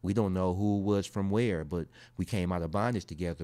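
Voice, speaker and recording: A man's voice: sits low, a little fast, dark tone, no room sound. A man from the United States talking casually as he reacts to his results, with slangy asides in a laid-back, conversational way. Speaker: vlogger.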